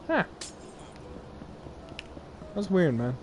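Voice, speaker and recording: Young guy laughing thru a story while gaming, slow easy pace, faint noise behind. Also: sits high, wildly swooping pitch, a little mellow. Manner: laughs often, acts out quoted voices. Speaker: gaming video host.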